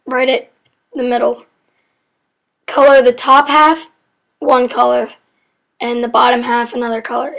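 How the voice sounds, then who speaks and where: A woman explaining chemistry facts in a casual, rambling way, often getting sidetracked and correcting herself with apologetic asides. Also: high-pitched.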